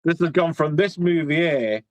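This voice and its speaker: A man co-hosting a casual film review chat. He is animated and often repeats himself. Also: a little high, moderate pace, no echo, poor audio.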